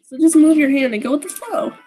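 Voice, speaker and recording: Bubbly teen club president girl, high and chipper, woman reading her. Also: lively intonation, quick pace, warm tone, soft background music, poor audio. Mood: cheerful.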